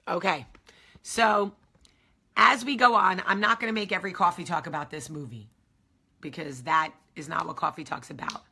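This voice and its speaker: A middle-aged woman hosting her own vlog, telling a story in an excited, rambling way with many asides. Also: fairly low pitch, normal speed, vocal fry, husky. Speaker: vlog host. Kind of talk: casual chat to camera.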